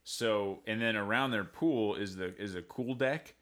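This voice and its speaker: A young man in casual podcast chat who tells lively anecdotes and swears freely, recorded on a home mic. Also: fairly low pitch, a little slow. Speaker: podcast participant. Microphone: home mic on a remote podcast setup.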